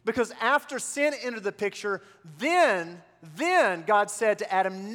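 A man's voice: very high voice, lively intonation, moderate pace, few pauses, a bit bright, in a large hall. A man preaching a sermon as pastor, building to call-and-response refrains.

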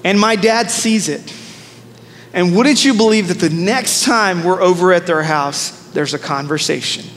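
High-voiced man, pastor, storytelling sermon, asides to congregation, reverberant hall. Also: measured pace, fairly bright tone.

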